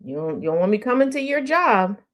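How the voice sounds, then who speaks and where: A woman's voice: mid-range voice, very animated, fairly quick. A woman hosting an internet radio show, chatting casually with her audience, teasing them and laughing often. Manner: talks straight to the audience. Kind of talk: casual livestream chat.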